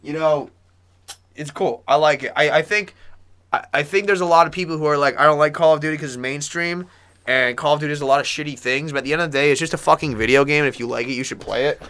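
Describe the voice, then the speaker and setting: Man co-hosting a podcast, bright voice, slightly high, rambling, swears often. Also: fast, clean tone. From Florida. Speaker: podcast co-host. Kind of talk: casual chat.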